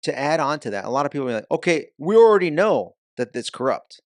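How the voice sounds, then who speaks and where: Podcast guest: man, slightly high voice, punchy and emphatic, dry close sound. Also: very animated, fast talker, no echo. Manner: emphatic, punchy delivery with mocking nicknames. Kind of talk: casual interview talk.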